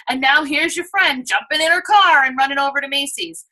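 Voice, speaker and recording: A woman with a New York accent giving an enthusiastic, persuasive sales pitch to prospective sellers. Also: a little fast, sharp tone, rough recording. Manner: enthusiastic, persuasive, acts out shoppers' voices. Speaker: direct sales presenter.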